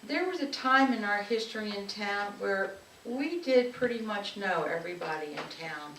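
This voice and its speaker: A woman's voice: mid-range voice, expressive, moderate pace. A woman speaking at a community event, telling fond personal stories in the manner of a public speech. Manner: fond, storytelling, warm recollection. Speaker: local speaker at an anniversary event. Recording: echoey room, distant mic, faint noise.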